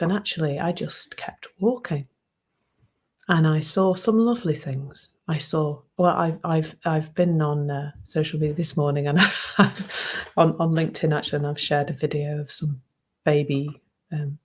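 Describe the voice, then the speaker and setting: A woman in her fifties giving a soft-spoken, reflective personal talk that often sinks to a hushed near-whisper. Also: deep voice. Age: 50s. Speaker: speaker sharing a personal reflection.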